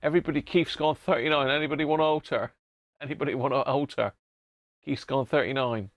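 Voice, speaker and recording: A man's voice: mid-range voice, fairly even intonation, quick pace, no room sound, clean studio sound. A jovial man hosting a casual live stream, chatting and laughing with his viewers. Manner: jovial, laughing banter with chat. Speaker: live-stream host restoring a vintage radio.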